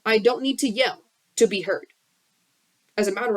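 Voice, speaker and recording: A woman's voice: medium pitch, normal speed, long pauses, slight background noise. A woman giving an impassioned, blunt motivational talk about healing on a live stream from her bedroom, swearing freely. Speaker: spiritual coach on a live stream. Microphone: phone.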